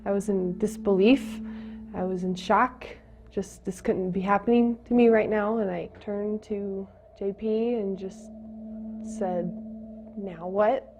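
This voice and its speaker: A young woman giving a personal testimony, speaking in a halting, emotional way with pauses and restarts. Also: medium pitch, steady tone, darkish tone, a little hiss or hum. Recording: dull lo-fi sound with faint music.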